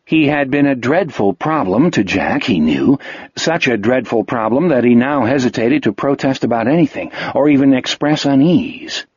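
Guy reading an audiobook, kinda husky voice, dry dull sound. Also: medium pitch, darkish tone, no echo. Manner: measured storytelling. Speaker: audiobook narrator. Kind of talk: scripted narration.

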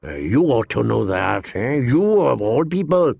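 A man reading aloud, voicing a sharp-tongued, sardonic male dwarf nobleman in a slightly raised voice. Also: medium pitch, sing-song, vocal fry, no room sound, clean studio sound, exaggerated voice. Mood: defiant. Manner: sardonic, quick, cutting.

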